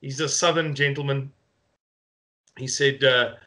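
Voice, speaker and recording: A South African man records an earnest update for his followers. His voice sits a little high and rings bright and forceful, and he takes his time over every phrase with a rallying, deliberate weight. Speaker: movement spokesman. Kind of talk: video update to supporters.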